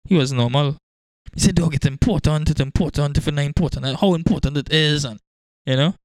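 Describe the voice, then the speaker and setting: A man in casual chat among friends, chiming in with quick reactions and retelling his part of a story. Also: on the high side, a little mellow, no echo, studio quality. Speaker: podcast co-host.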